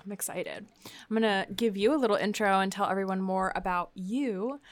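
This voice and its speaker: A woman's voice: medium pitch, fairly quick, dry recording. A woman with a Southern US accent hosting a podcast, chatting casually and reading an upbeat guest intro. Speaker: podcast host.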